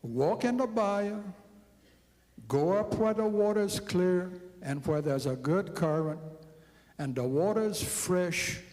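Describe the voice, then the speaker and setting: A man with a Cajun accent voicing a patient country mother who gives her son calm instructions. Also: sits high, slow pace, in a large hall. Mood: instructing.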